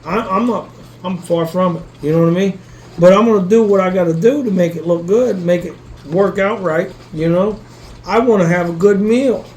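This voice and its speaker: A man's voice: sits high, normal speed, a little mellow, slight background noise, low-quality recording. A man hosting a casual cooking vlog from his kitchen, rambling, swearing casually and talking straight to his viewers while he cooks. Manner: rambling, swears casually, keeps asking "you know what I mean". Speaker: cooking channel host.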